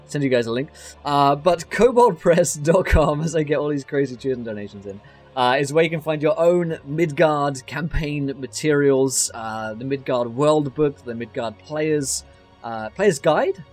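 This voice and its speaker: A man's voice: mid-range voice, moderate pace, darkish tone, faint music behind. A man hosting a tabletop game stream, reading sponsor notes in a chatty way, laughing often and tripping over his words. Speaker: host and player. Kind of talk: casual sponsor read on a live stream.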